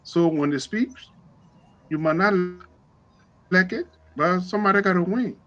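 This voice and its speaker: Male panel guest, evasive and repetitive, higher voice on muffled audio. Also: measured pace, sharp tone. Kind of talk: political panel debate.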